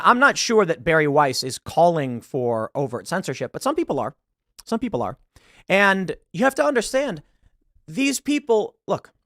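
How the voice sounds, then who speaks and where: A man's voice: on the high side, a bit bright, no echo, clean studio sound. A man giving emphatic online commentary, often repeating words as he pushes his points. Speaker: political commentator.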